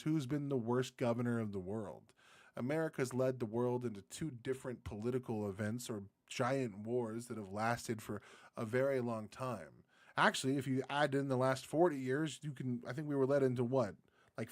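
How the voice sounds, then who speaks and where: A man's voice: mid-range voice, a little mellow, no room sound, studio quality. A man from Arizona giving a casual, profane reaction rant as a YouTube commentator, rambling and laughing a lot. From Arizona, USA.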